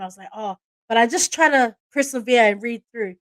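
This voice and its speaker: A woman hosts a relaxed podcast conversation. She talks in a chatty, emphatic way and laughs easily. Her voice sits on the higher side, and it sounds dry and close. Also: brisk, dry recording. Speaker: podcast host. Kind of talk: casual podcast chat.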